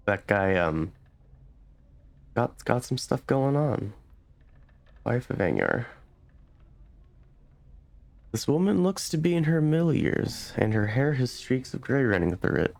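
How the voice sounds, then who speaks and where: A man's voice: mid-range voice, expressive, measured pace, vocal fry, pauses often. A man hosting a let's play, reading game text aloud unhurriedly, with hesitant fillers between passages.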